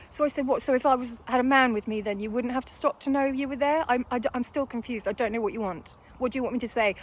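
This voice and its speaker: A woman telling a story after a run outdoors, a bit out of breath, exasperated and animated as she acts out a quarrel. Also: fairly high pitch, quick pace, few pauses. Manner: exasperated, animated retelling with quoted dialogue. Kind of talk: casual storytelling vlog.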